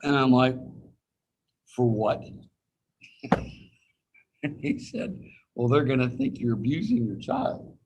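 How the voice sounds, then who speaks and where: A man's voice: mid-range voice, very animated, unhurried, pauses often, a little mellow, highs cut off, a little hiss or hum. A man teaching anatomy over a video call in a casual, folksy way, slipping anecdotes in and acting out the voices of people he quotes. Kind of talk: casual classroom lecture with personal anecdote.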